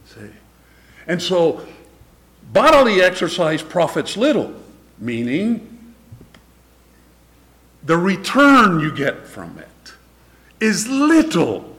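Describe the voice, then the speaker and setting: A man's voice: high-pitched, huge pitch swings, slow, pauses often, fairly bright tone. A man preaching a sermon, building emphasis word by word and then dropping to a near whisper, with the odd chuckle between points.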